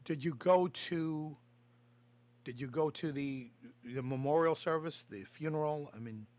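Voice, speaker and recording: A man's voice: fairly high pitch, unhurried, a little mellow, no echo. A man hosting a talk show interview, effusive and complimentary toward his guest. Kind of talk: broadcast interview.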